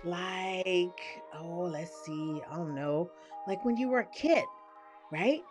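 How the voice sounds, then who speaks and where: A woman leading a live online workshop, chatty and excitable, checking in with "right?" as she goes, speaking into a webcam. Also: lowish voice, slow pace, loud music behind the voice. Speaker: online course creator and trainer.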